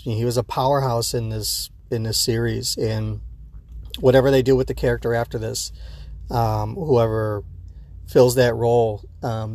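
A man with a medium-pitched, slightly mellow voice hosts a podcast, reacting to an episode casually and without a script. He rambles with lots of fillers and restarts and sounds a bit sleepy early in the day.

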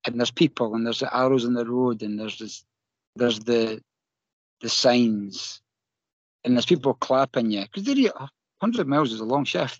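Scottish man, animated storyteller, husky voice, slightly muffled remote recording. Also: mid-range voice, no room sound. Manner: animated, laughing often, emotional. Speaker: guest. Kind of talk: casual storytelling.

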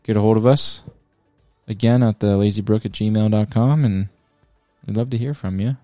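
A man's voice: on the low side, fairly even intonation, normal speed, warm tone, dry recording, studio quality, soft background music. A man co-hosting a podcast in casual, rambling, playful chat, sounding tired. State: tired, yawning. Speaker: podcast co-host.

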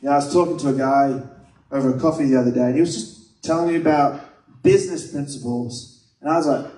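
A man's voice: medium pitch, fast talker, dark tone. A man preaching a sermon, earnest and conversational, mixing scripture with personal stories. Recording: echoey room, mic at a distance.

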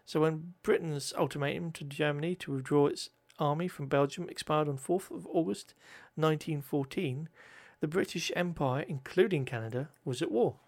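A man's voice: a little high, normal speed, few pauses, a little mellow. A man reading history notes aloud, often stumbling over words, correcting himself and adding joking asides.

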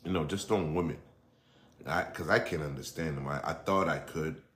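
Here the podcast host, a middle-aged man, has a rumbling low voice with a fairly bright tone and a moderate pace. Alone at the mic, he rambles casually with plenty of profanity, starting sentences over and wandering off on tangents.

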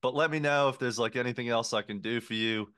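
A man's voice: mid-range voice, a little slow, smooth, natural voice. A man voicing a young male waiter with a fake Australian accent, brash and overfamiliar in his banter. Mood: breezy.

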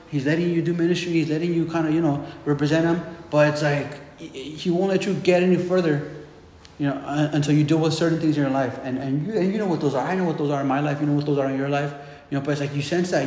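A man's voice: fairly high pitch, a little mellow. Conversational male preacher in echoey hall. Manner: conversational, repeats words, asks "right?" often. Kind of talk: casual sermon teaching. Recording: echoey hall with long reverb.

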